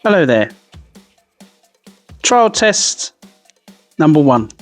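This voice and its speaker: Low-voiced woman playing a mock director. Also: very animated, very slow, soft background music. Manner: loud, mock-formal and teasing. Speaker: mock director filming a baby. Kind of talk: playful home video.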